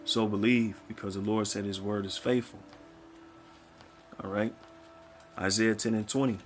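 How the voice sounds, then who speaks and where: Man, preacher, lowish voice, casual scripture teaching, chatty, checks in with listeners. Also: fairly even intonation. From United States. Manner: conversational, keeps checking in with "all right?" and "man"; reads verses slowly, then explains them in plain talk.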